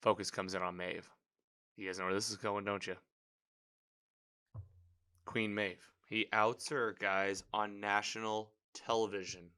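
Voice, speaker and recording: Male recapper, somewhat low voice with a crisp, forceful edge; loose, chatty, reactive delivery. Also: measured pace, long pauses. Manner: rambling, filler-heavy, animated reactions. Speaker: TV episode recapper. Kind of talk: casual spoken episode recap.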